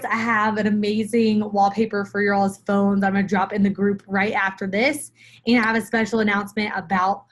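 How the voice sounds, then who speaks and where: A young woman speaks straight to camera in a live motivational video, coaching her weight-loss group. Her voice sits at an ordinary middle pitch, and she talks with emphatic conviction, hammering home short repeated phrases. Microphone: phone or camera for a live video.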